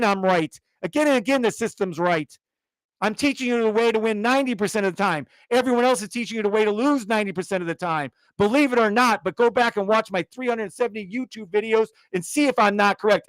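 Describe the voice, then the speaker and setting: A man's voice: sits high, dry recording. A man giving an insistent, fired-up sales rant on a live stream, repeating himself and swearing. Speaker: trading course seller.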